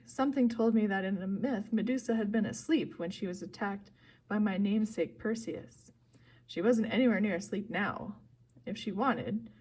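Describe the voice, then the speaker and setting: A woman narrating a first-person storybook chapter in a steady, clear voice. Her reading is expressive but even, with a middling pitch. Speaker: audiobook reader.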